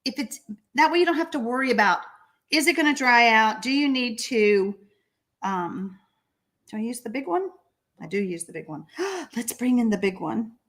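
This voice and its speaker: Speaking at a moderate pace in a fairly high pitch, a Texan woman runs a live card-making tutorial, excitedly chatting and reading viewer comments as she works her stamps.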